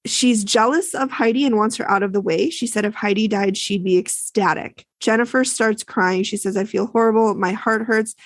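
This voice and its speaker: A woman's voice: medium pitch, moderate pace, hardly any pauses, no room sound. A woman co-hosting a podcast, casually recapping a TV episode and acting out the lines people said. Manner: chatty, retells scenes with quoted lines.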